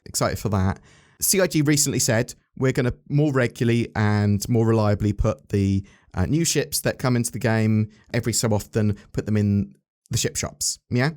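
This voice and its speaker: A man's voice: on the low side, moderate pace, a little mellow. A man hosting a casual chat about game news, rambling and asking his co-host questions.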